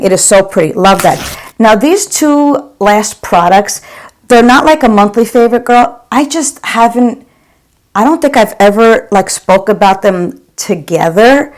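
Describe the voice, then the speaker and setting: A middle-aged woman and nurse reviewing her favorite makeup to camera in a gushing, chatty way, calling viewers "girl". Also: medium pitch. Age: 40s or 50s. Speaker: beauty vlogger and OR nurse.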